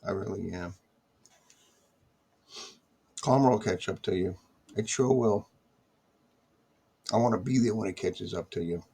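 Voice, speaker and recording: A man's voice: fairly low pitch, measured pace, gravelly, pauses often, dark tone, husky. A man from the United States talking straight to camera in a casual, exasperated monologue, grumbling and repeating his complaints. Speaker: vlogger. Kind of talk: casual ranting video monologue.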